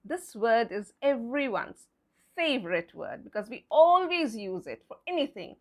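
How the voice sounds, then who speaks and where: A woman teaching English pronunciation, spelling out words letter by letter, repeating them slowly and hushing playfully over silent letters. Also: on the high side, very animated. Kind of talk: explaining pronunciation to viewers.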